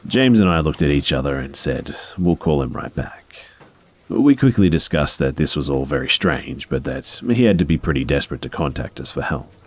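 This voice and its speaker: A man narrating a first-person story in a steady, even storytelling manner. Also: a bass voice.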